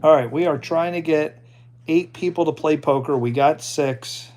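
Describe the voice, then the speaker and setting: A man's voice: a little high, normal speed, a little mellow, soft background music. A man hosting a casual livestream, chatting loosely with his viewers and an AI assistant. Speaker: livestream host.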